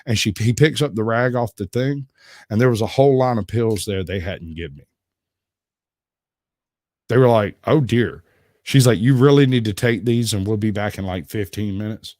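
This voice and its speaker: A man's voice: on the low side, moderate pace, darkish tone, no echo, studio quality. A man hosting a livestream, telling rambling stories and giggling often as he goes. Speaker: livestream host. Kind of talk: casual storytelling chat.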